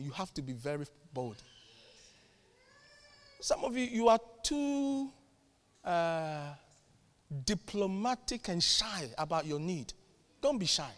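A man pastor preaching a sermon in a church, fervent, with sudden loud peaks and quiet asides. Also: sits high, in a large hall.

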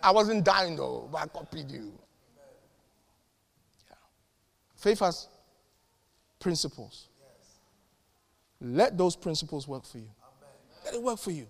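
Man preaching a sermon, pretty high voice, big church reverb, gets loud then drops quiet. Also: sing-song, takes it slowly, vocal fry, pauses often. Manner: fervent preaching with sudden loud peaks and quiet asides. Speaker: pastor.

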